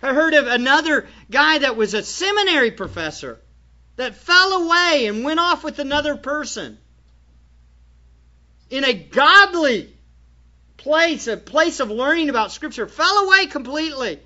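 A man's voice: extremely high pitch, big pitch swings, a little slow, bright, forceful tone. A man preaching a sermon as pastor, emphatic and full of rhetorical questions to his congregation. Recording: dull lo-fi church recording.

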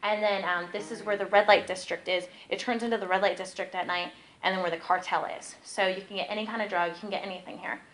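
A young woman teaches a church group in a relaxed, chatty way. She strings her stories together with lots of "like" and keeps her voice at an ordinary middle pitch. It sounds like easy, unscripted talk rather than a polished sermon. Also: fast talker, few pauses, low-quality recording. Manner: chatty, peppered with "like", lively storytelling. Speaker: ministry teacher.

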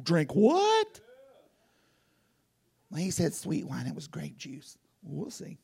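A guest preacher delivers an informal sermon, animated and rambling, often repeating himself. His voice is very high-pitched, and he takes it slowly.

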